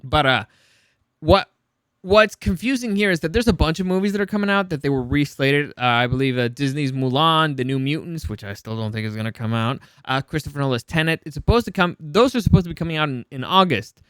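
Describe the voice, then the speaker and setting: A man's voice: a little high, expressive, fairly quick, fairly bright tone, clean tone, dry recording. A man hosting a casual pop-culture news vlog, blunt and opinionated, swearing freely and restarting his sentences. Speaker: news commentary host.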